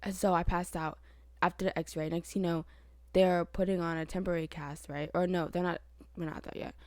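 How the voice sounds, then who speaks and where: Brief: woman podcast co-host, animated rambling storyteller, a little low in pitch, dry close sound. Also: a little fast, dry recording. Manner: animated, rambling storyteller who swears casually. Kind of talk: casual chat, storytelling.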